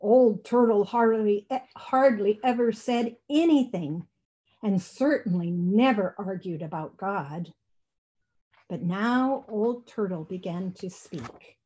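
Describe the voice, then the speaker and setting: A woman reading a storybook aloud at a church service in a slow, gentle, expressive way. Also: medium pitch.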